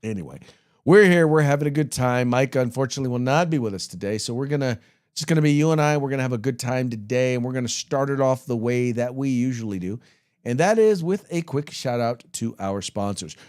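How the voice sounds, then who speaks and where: A man's voice: mid-range voice, a little mellow, smooth, no room sound, studio quality. Chatty male political talk host. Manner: chatty and digressive, searching for words; brisk sponsor reads. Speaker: podcast host. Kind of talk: casual political commentary.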